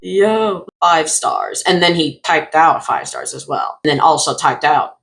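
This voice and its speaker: A woman hosting comedic commentary on odd online product reviews, sarcastic and animated, slipping into exaggerated voices. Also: low voice, unhurried, gravelly. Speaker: host.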